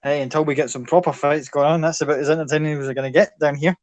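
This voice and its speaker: A man's voice: a little high, steady tone, racing, no echo, close to an everyday voice. A man puts on a brash circus ringmaster, all swagger and swearing. He barks at the crowd with a raised, pushy voice. The sound is dry and close. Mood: scornful. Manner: loud, foul-mouthed and bossy.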